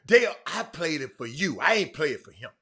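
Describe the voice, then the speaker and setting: A man's voice: fairly high pitch, big pitch swings, fairly quick, vocal fry. A man hosting a casual live-stream sports talk show, chatting loosely and greeting viewers by name. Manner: chatty, shouting out viewers by name, many restarts.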